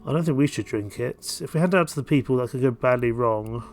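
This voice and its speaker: A gentle queen reassures her husband about household matters, as a man reads her lines. The voice stays at a plain middle pitch, and the delivery sounds soft and steady, like dialogue in a medieval strategy game. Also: fast talker, faint music behind, close to an everyday voice. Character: caring queen, the king's wife.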